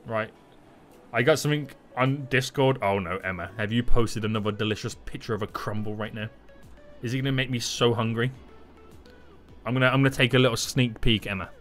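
A man giving playful, excitable live gameplay commentary and chatting with his viewers. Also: medium pitch. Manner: excitable and playful, hums and exclaims. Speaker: gaming streamer.

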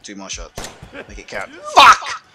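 A man's voice: a little high, sing-song, slow pace, loud music behind the voice. A man playing a horror game and commenting live, swearing constantly and yelping in panic. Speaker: let's play gamer.

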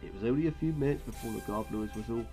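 A man narrating a storybook in an expressive, measured way. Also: mid-range voice, music in the background, rough recording.

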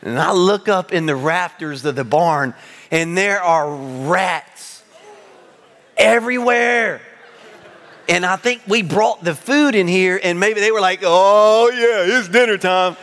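A male pastor preaching a sermon to his congregation, telling funny personal stories with lively, self-mocking humor. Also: high-pitched, in a large hall. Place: large church sanctuary.

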